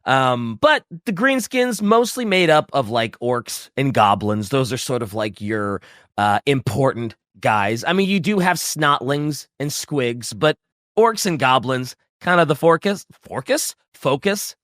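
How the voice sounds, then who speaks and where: A man's voice: medium pitch, unhurried, dry recording, studio quality. A man hosting a casual chat who talks in a rambling way, full of fillers. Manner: animated, rambling, with many fillers. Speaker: podcast host.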